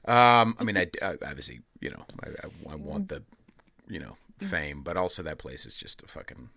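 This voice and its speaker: Bright-voiced, rambling, profane podcast host. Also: male voice, extremely low pitch, big pitch swings, moderate pace, creaky, dry recording. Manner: profane, rambling, self-interrupting. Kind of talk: casual chat. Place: rented recording room. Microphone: studio mic with pop screen.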